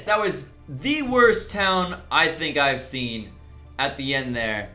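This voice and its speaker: A man's voice: high voice, sing-song, measured pace, bright, forceful tone, faint music behind. A man streaming a game live, ranting in exasperation at his fellow players. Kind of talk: livestream commentary.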